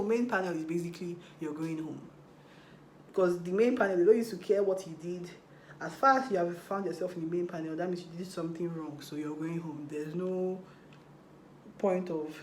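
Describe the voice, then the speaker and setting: A young woman telling a storytime vlog while doing her makeup, chatty and animated, acting out what people said. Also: fairly low pitch, a little fast, echoey room, slight background noise. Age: young adult. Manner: chatty, animated retelling with acted quotes. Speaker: vlogger.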